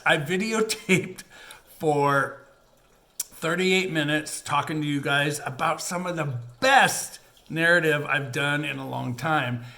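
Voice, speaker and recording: A man's voice: sits high, pushed and bright, echoey room. A middle-aged man chatting casually to viewers while he works on a diamond painting, rambling and laughing often. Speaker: crafting channel host.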